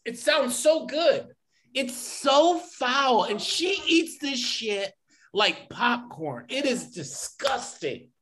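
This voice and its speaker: A man co-hosting a casual chat over a video call, animated, swearing freely and laughing often. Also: very high voice, slow pace. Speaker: podcast co-host. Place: home, remote video call.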